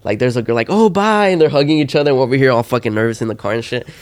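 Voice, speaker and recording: Podcast co-host, male, fast animated storyteller, swears freely. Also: medium pitch. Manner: animated, acts out quotes, swears a lot. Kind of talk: casual storytelling chat.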